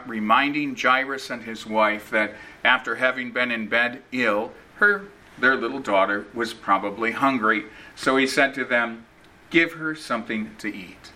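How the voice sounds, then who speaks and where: A man preaching a sermon in a slow, earnest, emphatic manner, repeating key phrases. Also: mid-range voice, bright, forceful tone, rough recording.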